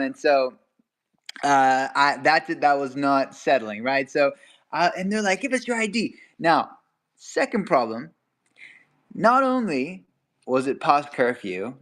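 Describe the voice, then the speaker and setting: Here a young man narrates a story in easygoing conversation, full of energy and laughter, with quoted lines performed through sudden swings in pitch.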